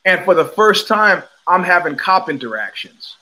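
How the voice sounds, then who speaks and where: Hosting a livestream, this older New York-accented show host delivers a casual monologue of blunt, animated stories with swagger, cursing and often restarting his sentences. His voice is high and moves at a normal speed.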